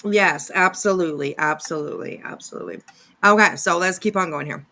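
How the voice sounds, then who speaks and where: A woman's voice: fairly low pitch, fairly quick, sharp tone. Sarcastic woman in casual reaction commentary. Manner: sarcastic, chatty, many fillers. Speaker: commentary channel host.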